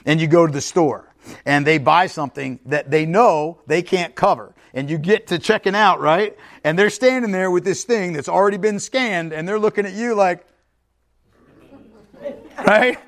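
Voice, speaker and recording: A man with a somewhat high-pitched voice delivers a sermon. He preaches emphatically but conversationally, frequently pausing to check in with his listeners. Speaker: pastor.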